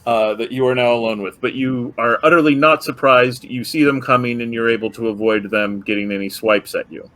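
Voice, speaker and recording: A man narrating as game master of a tabletop role-playing game, pausing often with ums and restarts. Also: medium pitch, fairly bright tone, rough recording. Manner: hesitant, many ums and restarts.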